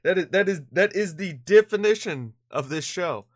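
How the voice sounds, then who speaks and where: A man's voice: high-pitched, lively intonation, normal speed, no echo, studio quality. A tired man co-hosting a casual podcast. He jokes around, laughs often and restarts his sentences. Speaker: podcast co-host.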